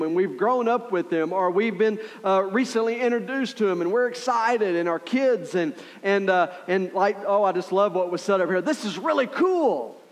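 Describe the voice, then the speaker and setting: Man, pastor, high voice, animated sermon storytelling, asides to the congregation. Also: long reverb tail.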